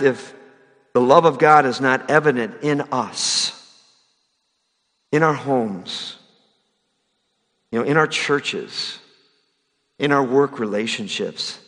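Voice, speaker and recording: Bright-voiced man preaching in a hall. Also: takes it slowly, long pauses. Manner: builds to loud, high-pitched emphatic preaching, drops soft for key lines. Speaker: pastor. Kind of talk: sermon.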